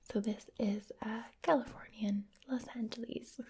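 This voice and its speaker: A woman from Scotland gives whispered ASMR talk, her voice a very airy, breathy whisper with a mellow, dark tone and a fairly high pitch. She speaks close to the microphone in a rambling, explanatory way, full of soft fillers. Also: steady tone, measured pace, hardly any pauses. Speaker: ASMR artist.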